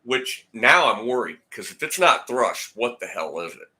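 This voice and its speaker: A man's voice: medium pitch, sing-song, normal speed, bright, forceful tone. A man telling a long personal story in a rambling, casual way, acting out the dialogue and repeating words. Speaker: guitar channel host. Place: home, indoors.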